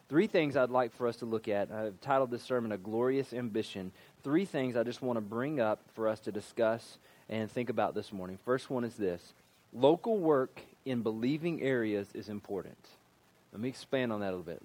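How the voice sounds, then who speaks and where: A man's voice: medium pitch, expressive, normal speed, a little mellow, no echo. A male pastor giving a sermon, reading scripture aloud and explaining it in an emphatic, teaching manner.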